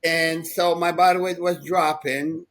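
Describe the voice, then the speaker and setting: Sixties male co-host, animated rambling storyteller, slightly high pitch. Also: measured pace, low-quality recording. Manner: rambling, animated, laughs often. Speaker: podcast co-host. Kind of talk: casual storytelling chat.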